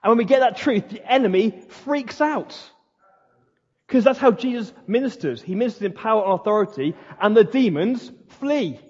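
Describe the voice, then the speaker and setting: A man preaching a passionate, emphatic sermon as pastor of his church, with dramatic pauses. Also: high voice, lively intonation, a little mellow, slightly rough. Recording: dull sound in a hall with long reverb.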